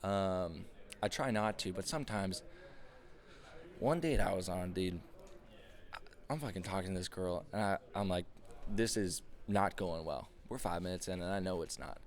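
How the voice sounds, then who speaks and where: A man's voice: low-pitched, moderate pace, long pauses. A man in his twenties hosting a podcast, ranting casually with lots of swearing and rambling fillers. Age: 20s. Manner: profane, rambling, full of fillers. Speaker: podcast host. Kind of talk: casual comedic rant.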